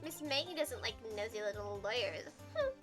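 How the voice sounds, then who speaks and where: A woman's voice: on the high side, animated, normal speed, music in the background, close to an everyday voice. Woman doing a coy, teasing flirt.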